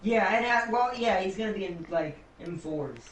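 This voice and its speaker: A man's voice: sits high, lively intonation, moderate pace, a bit bright, a little hiss or hum. A man chatting casually with friends on a gaming stream, rambling and laughing often. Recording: distant mic in an echoey room.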